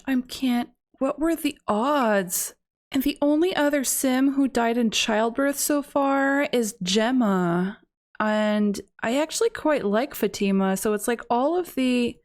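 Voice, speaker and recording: A woman giving casual game commentary, reacting aloud with lots of exclamations as events unfold. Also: a little high.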